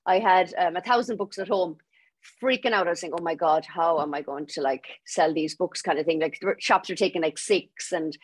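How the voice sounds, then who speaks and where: A young adult Irish woman telling her story as a podcast guest, lively and laughing as she acts out what people said. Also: on the low side, fairly quick, slightly rough. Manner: lively, laughing storyteller acting out quoted voices. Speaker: guest author. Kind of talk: storytelling interview.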